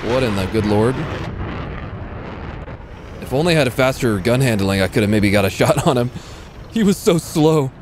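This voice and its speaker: A male streamer talks through a live match in a relaxed, chatty way, answering his chat as he plays. His voice sits at an ordinary middle pitch, and faint gunfire and engine noise run underneath. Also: normal speed, pauses often. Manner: casual, chatty, answers chat while playing. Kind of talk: live gameplay commentary.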